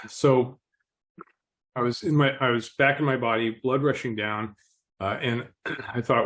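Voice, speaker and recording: Male interview guest, calm and reflective storyteller, clears his throat often, gently amused. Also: mid-range voice, unhurried, long pauses. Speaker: podcast guest.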